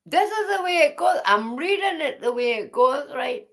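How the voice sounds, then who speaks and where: A woman's voice: high voice, expressive, moderate pace. A woman, casually reading her memoir aloud and breaking off for chatty, teasing asides.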